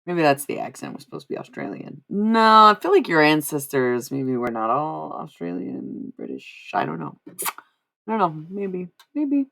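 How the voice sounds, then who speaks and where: A woman's voice: low-pitched, huge pitch swings, moderate pace, creaky, a bit bright. A young woman livestreaming, chatting casually and giving psychic readings, rambling and repeating herself with frequent laughs. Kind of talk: casual live-stream chat.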